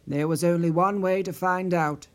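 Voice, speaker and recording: A male audiobook narrator with a fairly high voice, reading a story at a measured pace. His delivery is steady and scripted.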